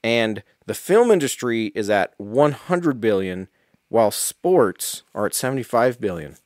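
A man co-hosting a casual comedy talk show, chatting and reading out statistics in a relaxed way. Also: mid-range voice, measured pace, dry recording, clean studio sound. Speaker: podcast co-host.

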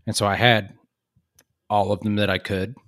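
Male beer-tasting co-host, lowish voice, dry close sound, casual and chatty. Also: normal speed, dry recording. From Kentucky. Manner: relaxed, filler-heavy talk. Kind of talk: casual chat.

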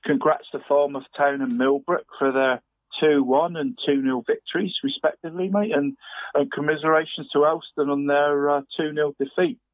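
A man's voice: fairly high pitch, fairly even intonation, normal speed, no echo. A man co-hosting a podcast in casual chat, laughing often and calling everyone mate. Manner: chatty, laughs often, says "mate" constantly. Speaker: podcast co-host. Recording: tinny phone-like line, dry.

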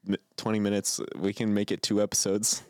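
A man's voice: on the low side, completely flat delivery, a little mellow, no echo. Laughing young man with a twang. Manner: laughing often, mimicking people in quick bursts. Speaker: podcast co-host. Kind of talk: casual chat.

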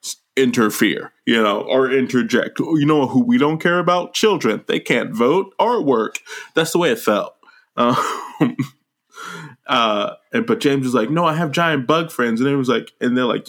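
A man on a podcast, casually recapping a movie with lots of swearing, jumping into quick voices for the characters. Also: mid-range voice. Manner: animated, profane, acts out characters in quick voices. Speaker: podcast co-host.

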